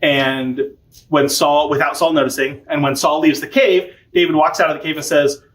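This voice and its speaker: A man teaches a catechism lesson by retelling a story in plain, casual speech. His voice sits slightly high for a man. He talks in an animated, informal way. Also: normal speed. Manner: chatty, informal, animated with fillers.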